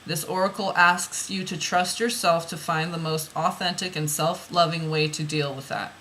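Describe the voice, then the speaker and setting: A woman's voice: lowish voice, steady tone, normal speed, a bit bright, a little hiss or hum, rough recording. A woman reading oracle card messages aloud, then musing about them in loose, rambling asides that repeat phrases.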